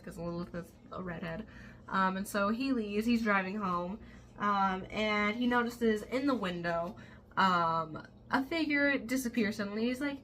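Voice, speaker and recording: A woman's voice: medium pitch, normal speed, bright, forceful tone, a little hiss or hum. Chatty woman recapping a book. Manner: chatty, rambling, with many fillers. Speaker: book vlogger.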